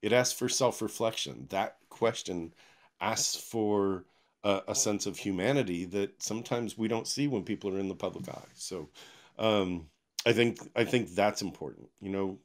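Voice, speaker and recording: Low-voiced man telling stories in an interview. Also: normal speed. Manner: animated storyteller with frequent laughs and quoted voices. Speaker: guest speaker and author. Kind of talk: casual conversational interview. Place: home office. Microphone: desk microphone.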